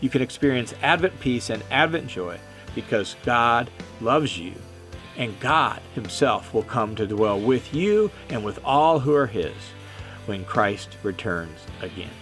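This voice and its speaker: A man's voice: mid-range voice, expressive, unhurried, fairly bright tone, faint music behind. A man hosting a devotional podcast, giving an earnest, emphatic reflection and reading scripture aloud. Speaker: podcast host and Bible teacher.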